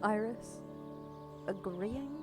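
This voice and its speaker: A woman's voice: mid-range voice, very slow, over music. A woman live-streaming in a chatty, giggly way, thinking aloud as she reacts. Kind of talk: casual live-stream chat.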